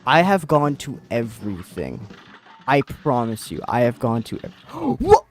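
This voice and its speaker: A young American man streams a game and chats casually, rambling with lots of fillers and restarts. His mid-range voice is very animated at a moderate pace, and faint music plays behind him.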